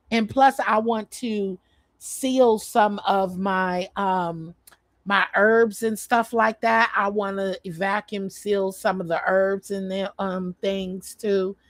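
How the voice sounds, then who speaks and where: Slow-talking chatty woman, dry sound. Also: medium pitch, no room sound. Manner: chatty, rambling, lots of fillers. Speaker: vlogger. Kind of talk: casual live stream chat. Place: home.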